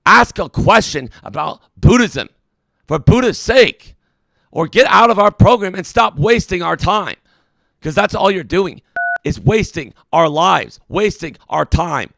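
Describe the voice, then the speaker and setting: A man's voice: sits high, animated, unhurried, vocal fry, pushed and bright, no room sound, studio quality. A man hosting a comedic mock call-in hotline, indignant, preachy and exasperated with his callers. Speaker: call-in show host.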